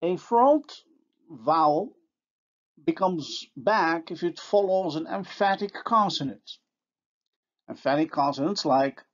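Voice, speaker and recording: Male lecturer, slow and deliberate, mid-pitched, models example words, dull lo-fi audio. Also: lively intonation. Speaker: university lecturer. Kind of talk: recorded phonology lecture.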